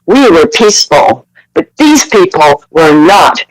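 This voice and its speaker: A woman's voice: on the low side, sing-song, slow pace, rough recording. Caller, woman from Canada, fired-up swearing rant, apologetic. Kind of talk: live audio chat room call-in.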